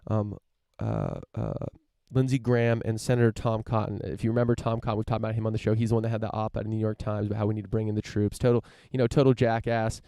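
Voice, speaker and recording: A man's voice: lowish voice, fast talker, creaky, hardly any pauses, dark tone, dry recording, clean studio sound. A podcast host from the United States, a man riffing through a casual opinion monologue, rambling with lots of fillers, restarts and casual swearing.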